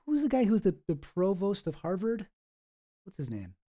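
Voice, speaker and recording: A man's voice: sits high, wildly swooping pitch, moderate pace, mellow. A man giving casual, sarcastic commentary on photos, rambling and swearing freely. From Canada. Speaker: online commentator.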